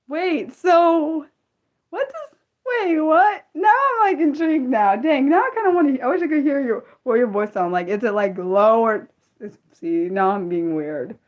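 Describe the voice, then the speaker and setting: A young American woman hosting a casual livestream, excitable and apologetic, talking back to her chat with many restarts. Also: sits high, unhurried. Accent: American, Maryland. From United States. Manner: excitable, apologetic, lots of restarts and self-corrections. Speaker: livestream host.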